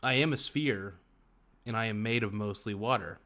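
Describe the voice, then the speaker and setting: A man's voice: lowish voice, normal speed, pushed and bright. A man hosting a live stream, chatting casually and reading viewer comments, joking off the cuff and laughing often. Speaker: livestream host.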